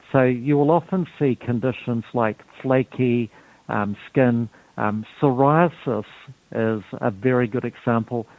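A man talks through a health topic, pausing often with ums and restarting his sentences. He speaks slowly, and his voice comes through a narrow, tinny phone line with a dry sound. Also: medium pitch, no room sound. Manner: halting, many ums and restarts. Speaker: health guest explaining detox. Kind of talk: explanatory talk.

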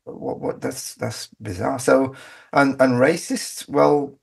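A man with a mid-range, slightly rough voice and vocal fry speaks slowly and in a steady tone as a guest in a conversational interview. He argues his case emphatically, frequently restarting his sentences.

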